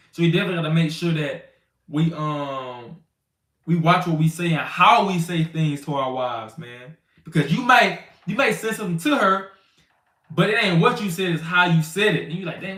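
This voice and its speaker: A man gives an informal bible teaching, slangy and conversational, and acts out everyday scenes for the brothers. His voice sits a little high for a man. It is picked up from a distance and rings in a roomy space. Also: a bit bright. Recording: roomy sound from a distant mic.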